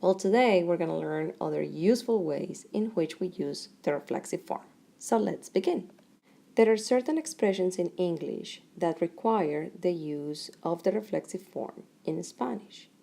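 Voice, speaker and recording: Teaching Spanish grammar in English, a middle-aged woman delivers short, deliberate phrases with pauses in between. Her fairly low voice is expressive and gravelly, with a warm tone.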